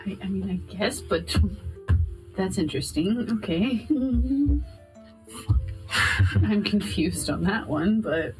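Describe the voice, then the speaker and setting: A woman's voice: mid-range voice, lively intonation, slow, pauses often, a little mellow, faint music behind, rough recording. A woman playing a tabletop game, bantering playfully and laughing often. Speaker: player. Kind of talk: casual tabletop play.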